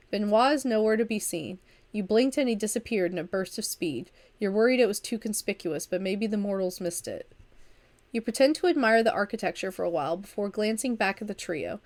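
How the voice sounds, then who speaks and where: A woman, recovering from an illness, reading a vampire visual novel aloud on a livestream with chatty asides. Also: medium pitch. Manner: chatty asides, stumbles over words and restarts reading. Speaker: streamer and storyteller.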